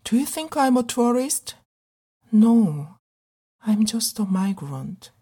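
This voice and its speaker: A middle-aged woman actor performing a dramatic monologue in an earnest, pleading, measured way. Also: a little high, big pitch swings, darkish tone, breathy edge. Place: living abroad as a migrant in a big city.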